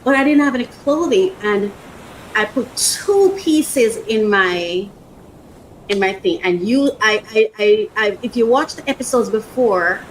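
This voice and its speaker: A woman's voice: mid-range voice, animated, unhurried, slight background noise, low-quality recording. A woman hosting a casual unboxing vlog, rambling, emotional and repeating herself. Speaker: podcast host.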